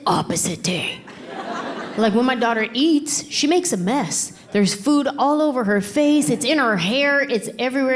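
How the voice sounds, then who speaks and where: A middle-aged woman doing stand-up comedy on stage through a handheld mic, telling her stories in an exasperated, animated, playful way. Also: a little high, a little hiss or hum. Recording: live comedy show with laughing crowd. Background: audience laughter and applause.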